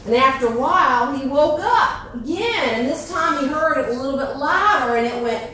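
A woman's voice: high voice, expressive, normal speed, bright, forceful tone. A woman telling a folk tale together with a partner, drawn out and dramatic, in an echoey, distant live recording with noise. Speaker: storyteller. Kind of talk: tandem folk storytelling.

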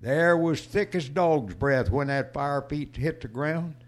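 Slow, deliberate cowboy poet. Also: male voice, fairly high pitch, lively intonation. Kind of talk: spoken introduction and poem recitation. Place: stage before a small audience.

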